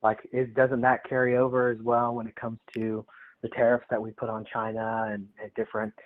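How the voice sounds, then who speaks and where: A man calling in to a political debate, hesitant and halting, often restarting his sentences. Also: medium pitch, monotone. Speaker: guest in political conversation. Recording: tinny phone line.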